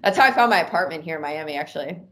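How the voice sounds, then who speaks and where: Chatting on a podcast, a woman tells a personal story in a rapid-fire, low-pitched voice. She's lively and sprinkles her speech with "like."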